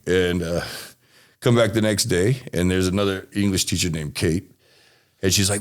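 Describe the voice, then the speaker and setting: A man's voice: low-pitched, normal speed. A man from Texas telling a rambling, swearing story as an interview guest.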